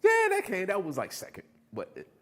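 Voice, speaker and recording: A middle-aged man speaking as a recovery speaker, giving a motivational talk to a live audience, telling stories in an animated way, laughing and quizzing his listeners. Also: high-pitched, a little fast.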